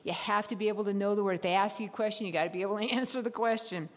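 A middle-aged woman tells a personal story from the pulpit, animated and laughing as she acts out her own thoughts. Her voice sits at an everyday pitch and rings with the long reverb of a church hall. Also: rapid-fire. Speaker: speaker at a church service.

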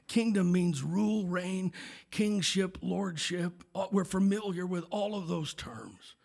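A male pastor preaching a sermon, with a gravelly voice and a rising preaching cadence that builds into shouted climaxes. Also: high voice, takes it slowly.

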